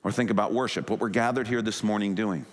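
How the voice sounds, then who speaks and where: A male pastor preaching a sermon with animated delivery, acting out quoted thoughts in a rising and falling voice. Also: on the low side, fast talker, big-room sound. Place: church sanctuary.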